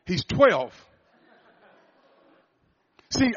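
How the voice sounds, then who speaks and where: A man preaching a sermon, telling a personal story, swinging from loud, rising fervor to a hushed, quiet confession. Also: fairly high pitch, fairly quick, muffled recording. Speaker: pastor.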